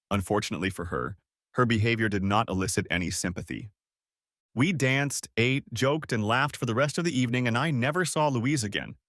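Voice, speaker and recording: A man narrating a first-person audiobook story in a steady, expressive way. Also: mid-range voice, normal speed, no echo, studio quality.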